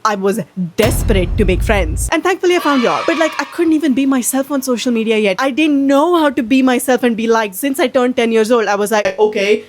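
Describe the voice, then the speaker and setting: A woman's voice: on the high side, fairly quick, hardly any pauses, music in the background. A young woman vlogging in a candid, self-mocking way, swearing freely as she chats. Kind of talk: casual confessional chat.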